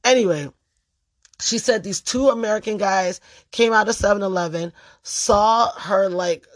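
Brief: a profane, emphatic storyteller talking straight to camera at a mid pitch, with a dry, close sound. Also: no room sound. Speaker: storytelling vlogger. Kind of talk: casual storytime monologue.

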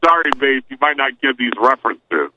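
A man's voice: mid-range voice, big pitch swings, fairly quick, sharp tone, slight background noise, rough recording. A man co-hosting a podcast in casual chat, playfully mimicking text messages in put-on voices. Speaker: podcast co-host, not a wrestling fan.

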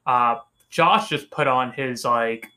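Bright-voiced man teasing his friends. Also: mid-range voice, takes it slowly. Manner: teasing, swears freely, tells stories with quoted dialogue. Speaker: podcast co-host. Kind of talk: casual chat.

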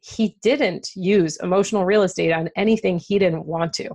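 A woman's voice: on the low side, moderate pace, a little mellow. A woman author and entrepreneur talking candidly in an interview, laughing often and using lots of fillers. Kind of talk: conversational interview.

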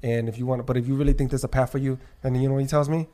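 Talking at a racing clip in a medium-pitched voice, this man spins a lengthy, expletive-filled tale during a relaxed podcast chat. He acts out quotes animatedly and keeps repeating himself inside them.

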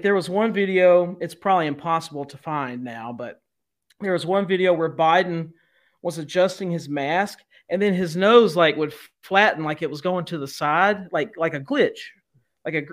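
An animated male podcast co-host with a fairly high voice who swears casually and laughs easily. He talks loosely, with plenty of fillers and restarts in a relaxed chat.

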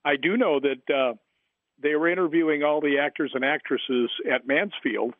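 A man's voice: on the high side, fairly even intonation, normal speed, no echo. A man who wrote a book on the paranormal, telling long rambling anecdotes as a guest in an interview. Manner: rambling anecdotes with many fillers and restarts. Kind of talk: storytelling in an interview. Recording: tinny phone line, dry.

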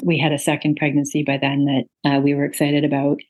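A woman's voice: deep voice, completely flat delivery, fast talker, a little mellow, slightly rough, poor audio. A middle-aged woman, an author and interview guest, telling a personal story earnestly with many ums and uhs. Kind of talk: interview conversation.

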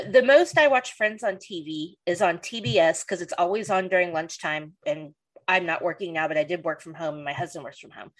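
Chatty woman who laughs a lot. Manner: laughs often, acts out lines in high voices. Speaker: podcast host. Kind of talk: casual chat.

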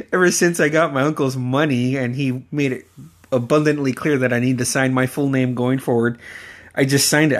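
Man rambling through a casual story. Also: medium pitch. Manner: rambling, laughs often, swears casually. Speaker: podcast host.

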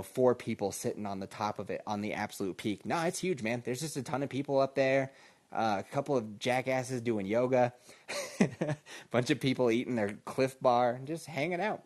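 A man's voice: medium pitch, darkish tone. A podcast host, a man, telling a casual, laid-back story, laughing often and calling listeners "man".

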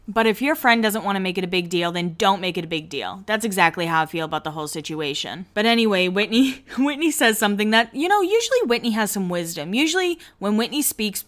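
A young woman hosting a casual recap podcast. She talks in a chatty way, full of "like", and acts out the quotes in quick voices. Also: medium pitch, a bit bright. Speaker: podcast host recapping a reality show.

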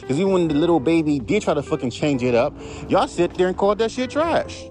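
A man's voice: on the high side, big pitch swings, brisk, darkish tone, soft background music. A man who raps, ranting in a casual, profane, heated way on his podcast. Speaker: podcast host, rapper. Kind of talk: casual rant.

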